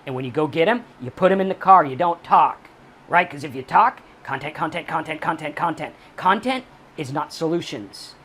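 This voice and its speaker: A man's voice: fairly high pitch, animated, moderate pace, fairly bright tone. A man hosting a recovery channel, giving blunt advice straight to camera, swearing freely and hammering the same points again and again. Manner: blunt, profane, emphatic, repeats key points. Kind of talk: direct-to-camera advice monologue.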